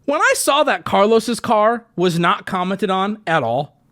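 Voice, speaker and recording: Ranting streamer with a wildly swinging voice. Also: male voice, very animated, unhurried. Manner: exasperated, profane, swings between yelling and low mutters. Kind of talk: ranting story to a live stream.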